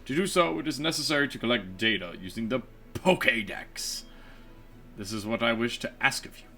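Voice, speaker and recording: A stern, formal old professor speaks in measured, earnest sentences, as a man reads his lines aloud from a game. The voice is bright and lively in pitch. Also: soft background music. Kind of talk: reading game dialogue aloud.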